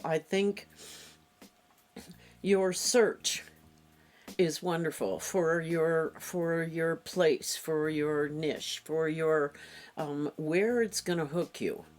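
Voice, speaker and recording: A woman in an interview speaking encouragingly, slow and deliberate. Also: sits low, darkish tone. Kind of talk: casual interview.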